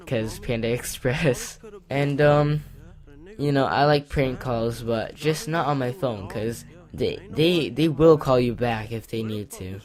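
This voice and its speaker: A teenage boy telling a storytime vlog in an excitable, rambling way with lots of fillers. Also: mid-range voice, a little slow, faint music behind. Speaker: vlogger. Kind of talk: storytime commentary.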